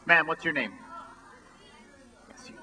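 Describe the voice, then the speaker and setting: Stage show guy, sharp bright high voice, dry sarcastic crowd patter. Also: a little slow, soft background music, poor audio. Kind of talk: live stage showmanship. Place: stage before a live audience.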